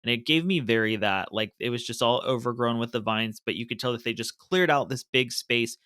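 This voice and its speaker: An eager, detail-focused man co-hosting a podcast in casual chat. His voice is bright and forceful, with a crisp, smooth clarity. The sound is dry. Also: mid-range voice, fairly quick, dry recording. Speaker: podcast co-host.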